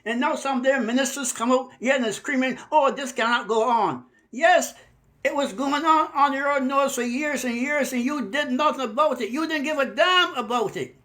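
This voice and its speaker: High-voiced man preaching fierily. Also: pushed and bright. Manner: emphatic, stretches key words slowly. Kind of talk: fiery preaching monologue.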